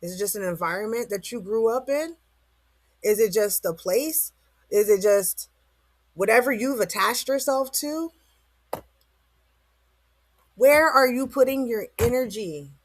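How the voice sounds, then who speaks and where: A woman's voice: on the high side, animated, measured pace, long pauses, dry recording. Woman vlogger, casual slangy motivational rant, close dry mic. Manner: slangy, rambling, rhetorical questions.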